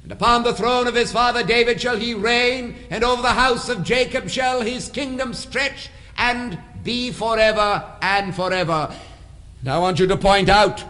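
A man's voice: high voice, a bit bright. Man, preacher, emphatic repetition, reverberant sanctuary. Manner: preaching with repeated phrases and rising emphasis. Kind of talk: sermon. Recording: long hall reverb.

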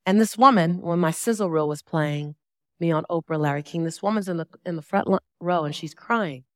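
A woman's voice: on the low side, fairly quick, no room sound, clean studio sound. A woman in her forties giving a motivational speech on stage, telling her story dramatically, acting out quoted dialogue and repeating key phrases for emphasis. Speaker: motivational speaker. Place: stage before a live audience.

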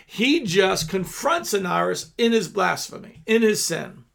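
Guy doing casual bible teaching, high voice that swings all over, reads verses then riffs on them. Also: expressive, a little slow, vocal fry, few pauses, fairly bright tone. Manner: informal, with frequent restarts between scripture readings.

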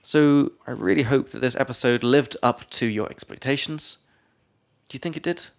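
With an English accent, a young man from England who teaches English co-hosts a podcast, joking between the vocabulary he casually explains. Playful and loose, he laughs and drops into silly voices, his mid-range voice carrying vocal fry at a moderate pace.

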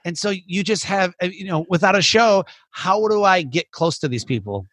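A man's voice: sits high, animated, moderate pace, a bit bright, no room sound. A man who hosts a podcast and coaches, chatting in a rambling way, full of "like" and restarts. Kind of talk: casual interview chat.

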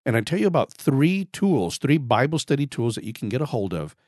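Chatty man host with a raspy throat. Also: medium pitch, big pitch swings, brisk, a little mellow, dry recording, clean studio sound. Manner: chatty, repeats words, self-deprecating jokes. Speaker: podcast host. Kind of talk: casual podcast monologue.

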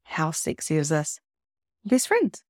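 A middle-aged woman coach, talking in an emphatic, expressive way and acting out the people she quotes. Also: low voice, slow pace, no echo, clean studio sound. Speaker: spiritual coach. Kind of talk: casual motivational monologue.

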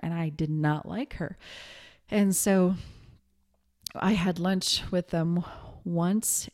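Middle-aged woman, low and mellow, unscripted teacher, chatty with lots of ums and easy laughs. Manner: conversational, laughs often, many fillers. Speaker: psychic teacher. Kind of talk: casual spoken teaching.

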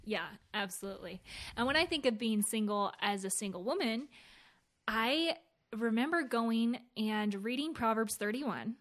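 A woman co-hosting a casual chat, speaking in a relaxed, agreeable and reflective way. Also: on the high side, moderate pace. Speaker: podcast co-host.

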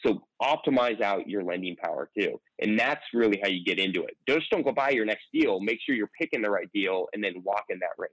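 A man's voice: lowish voice, animated, a little fast, few pauses, a bit bright, slightly rough, no echo, rough recording. A man who invests in real estate, giving confident, chatty advice in an interview with many fillers. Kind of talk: podcast interview answer.

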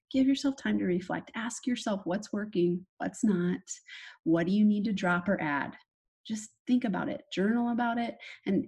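Brief: young woman, solo podcast host and coach, husky, candid and reflective, loose and chatty. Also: mid-range voice, darkish tone. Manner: candid, reflective, talks with many fillers and restarts.

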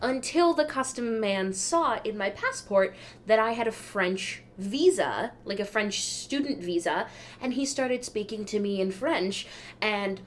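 Young adult woman, podcast host, wry self-deprecating storyteller, mid-pitched voice, casual chat. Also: a little hiss or hum.

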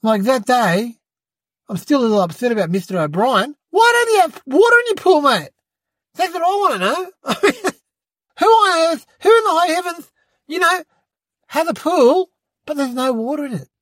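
A high, sing-song voice at normal speed, recorded without echo, belongs to an adult playing a cheeky boy podcast host. Boastful and full of fibs, he rambles on and calls folks "mate" in a comedy monologue.

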